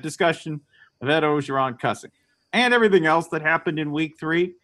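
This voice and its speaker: A man's voice: on the high side, fast, sharp tone. A man hosting a comedic podcast, joking around and laughing often. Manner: jokey, laughs often, bursts into silly voices. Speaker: podcast host.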